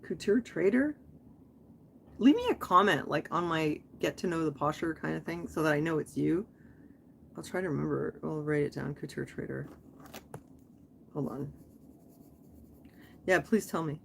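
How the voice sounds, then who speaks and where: A woman's voice: low-pitched, expressive, moderate pace, creaky, pauses often, a little hiss or hum. A woman who hosts a live stream, chatting in a rambling way full of asides as she reads comments from her viewers. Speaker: online reseller and channel host.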